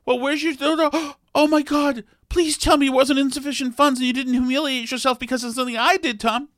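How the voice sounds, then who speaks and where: Man putting on a high, breathless wife voice, aghast, pleading, guilt-stricken. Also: fairly even intonation, a little fast, fairly bright tone, no echo, clean studio sound. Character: imagined distraught wife, gasping and guilty.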